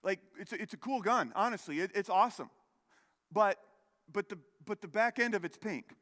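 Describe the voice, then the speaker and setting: High-voiced man preaching in a reverberant hall. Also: moderate pace, a bit bright. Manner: conversational, self-deprecating storytelling with many restarts. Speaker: pastor. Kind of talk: sermon. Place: church sanctuary.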